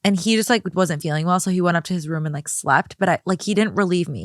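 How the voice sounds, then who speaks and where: Young woman guest co-host, chatty and opinionated, lower pitch, dry close sound. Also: fast talker, no room sound. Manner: opinionated, chatty, lots of fillers. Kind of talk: casual chat.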